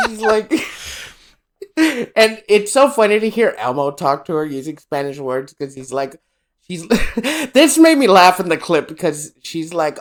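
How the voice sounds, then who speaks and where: Podcast co-host, female, lively swooping pitch, unhurried delivery, profane and giggly. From Mexico. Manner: laughs a lot, swears freely, mock voices. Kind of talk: casual chat.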